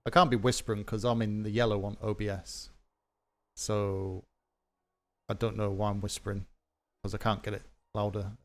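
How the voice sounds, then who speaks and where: Male streamer, low register, loose rambling chat to viewers on a desk mic. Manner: rambling, chatty, many fillers. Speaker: livestreamer. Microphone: mic through a desk audio mixer.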